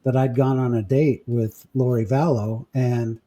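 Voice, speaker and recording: Guy telling a story, mellow warm voice, lots of uh's and restarts. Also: medium pitch, steady tone. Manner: storytelling, halting with repeats and fillers. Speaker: podcast host. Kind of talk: casual chat.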